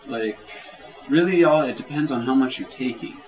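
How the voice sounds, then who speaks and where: A man speaking as an interview guest in a relaxed, rambling way, with many fillers. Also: mid-range voice, normal speed, poor audio. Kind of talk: casual conversational interview. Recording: crowd chatter clearly audible behind.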